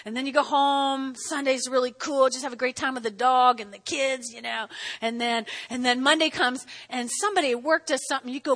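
A woman preaching a sermon in an animated way, often breaking off to ask "okay?" and acting out little scenes. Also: high voice, a little fast. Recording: long hall reverb.

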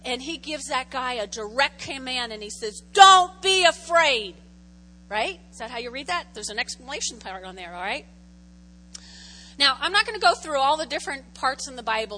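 Woman teaching bible stories, high bright voice, big echoey hall. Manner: animated, acts out voices, asks the audience questions. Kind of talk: lively Bible lesson to a group. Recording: long hall reverb, faint hum.

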